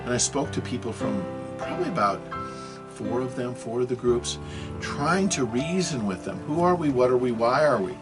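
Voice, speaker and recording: A man in his sixties talks through a religious video lesson in a middle-pitched voice, wandering off topic and circling back with self-corrections. His delivery is loose and conversational, and faint guitar music plays beneath it. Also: sing-song, normal speed. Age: 60s. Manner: rambling, self-correcting, apologetic asides. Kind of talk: rambling video lecture.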